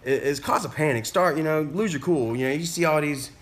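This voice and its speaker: A man's voice: on the high side, a little fast, fairly bright tone. A man vlogger casually telling a story to camera, rambling with lots of fillers and restarts and casual cursing.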